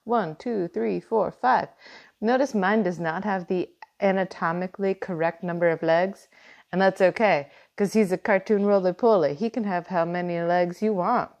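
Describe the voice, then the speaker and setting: A woman teaching a step-by-step cartoon drawing lesson, gently guiding through each line. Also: fairly low pitch, moderate pace. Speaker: art teacher. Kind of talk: drawing tutorial.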